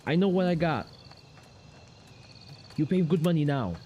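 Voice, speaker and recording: A man voicing a pushy male shop owner who bargains in clipped broken English, pitched above his own voice. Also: expressive, a little slow, warm tone, highs cut off, a little hiss or hum. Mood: pushy haggling.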